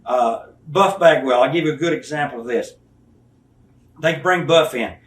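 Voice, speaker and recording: A man in his fifties, formerly a wrestler, speaks bluntly and profanely in a candid interview, playing out the voices of those he describes. His slightly high voice is a bit bright and moves at a normal speed. It was recorded at a distance in an echoey room with faint hiss.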